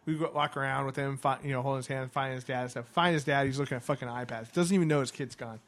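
A man's voice: mid-range voice, fairly even intonation, quick pace, fairly bright tone. Young man, podcast host, swears a lot, rambling casual chat. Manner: rambling, profane, laughing storyteller.

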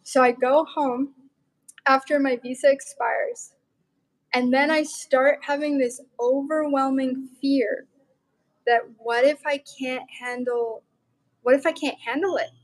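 A young woman with a high voice shares a personal story as a guest. She talks in an animated, chatty way, filling her sentences with "like" and "you know". She comes from Montana. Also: slow pace, rough recording. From Montana, USA. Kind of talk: personal testimony in casual chat.

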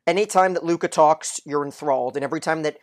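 A man's voice: on the high side, quick pace. Enthusiastic man gushing about a show. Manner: enthusiastic, swears casually. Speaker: podcast co-host. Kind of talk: casual recap chat.

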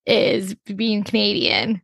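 A woman's voice: mid-range voice, sing-song, slow pace, vocal fry, fairly bright tone, no echo. A woman co-hosting a podcast, chatting casually in a playful way. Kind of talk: casual chat.

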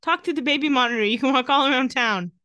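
A woman's voice: high voice, quick pace, pushed and bright, dry recording. A woman co-hosting a podcast, recapping episodes in casual chat and acting out lines with jokes. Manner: recaps scenes, acts out quotes with jokes. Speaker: podcast co-host.

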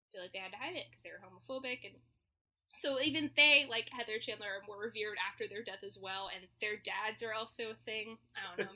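Chatty woman podcaster, bright voice, a bit high, laughs a lot. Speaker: podcast co-host. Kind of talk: casual chat summarizing a musical.

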